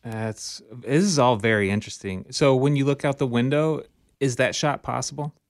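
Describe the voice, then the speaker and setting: A man co-hosting a radio talk show, chatting in a relaxed, conversational way. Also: medium pitch, normal speed, no echo, studio quality. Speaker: radio co-host. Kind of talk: casual radio chat.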